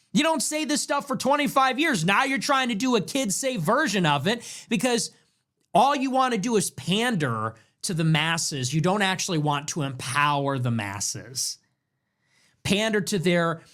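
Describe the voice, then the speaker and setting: A man's voice: high-pitched, fairly bright tone. A man hosting a political commentary show, talking in an emphatic, sarcastic and mocking way with lots of repetition. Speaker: show host.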